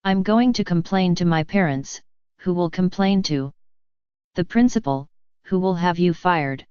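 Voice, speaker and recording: An easily offended schoolgirl, voiced by a woman, speaking with outrage and threats in a lowish, slow voice. The recording is dry. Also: darkish tone, clear, resonant tone, dry recording, muffled recording, close to an everyday voice. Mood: indignant.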